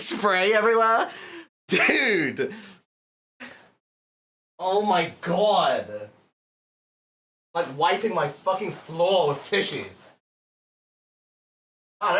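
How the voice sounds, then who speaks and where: A man's voice: sits high, expressive, slow pace, pauses often, a bit bright. A male livestreamer chatting casually to his viewers, exasperated and swearing a lot as he cleans up.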